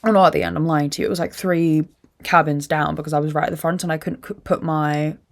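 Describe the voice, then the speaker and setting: A woman's voice: deep voice, steady tone, fast talker. A young woman hosting a podcast, drained and upset, venting candidly and swearing often. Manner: emotional venting, frequent swearing. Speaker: podcast host. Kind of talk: candid solo monologue.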